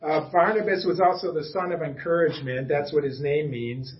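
A man preaches a casual sermon to a small church gathering. His voice sits a bit higher than usual, and he delivers it conversationally, with homey asides and stumbling restarts. The recording is muffled and lo-fi. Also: steady tone, brisk, a little hiss or hum. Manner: casual and chatty, with self-deprecating asides and frequent restarts. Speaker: pastor. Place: church room with a small congregation.

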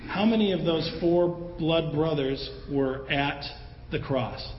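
A man with a fairly high voice delivers a casual, animated sermon and slips into the voices of the people he talks about. He is recorded in a roomy hall with a long echo, and the sound is somewhat dull, with faint ambience behind him. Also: takes it slowly, a little hiss or hum. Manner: conversational, animated, acts out the voices of the people in the story. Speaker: pastor.

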